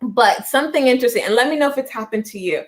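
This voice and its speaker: A psychic livestream host in her thirties, born in Jamaica and raised in Canada, speaks with a Canadian accent in a fairly high, fast voice. In casual livestream chat she tells stories in a rambling, animated way, restarting often and laughing.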